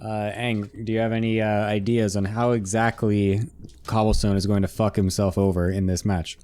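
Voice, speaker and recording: A man with a lowish voice hosts an esports stream, keeping the pre-match chat loose and full of crude jokes. His easy banter sits over a faint bed of music. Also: flat delivery, moderate pace, darkish tone. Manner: joking, crude, laughs often. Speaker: esports caster and show host.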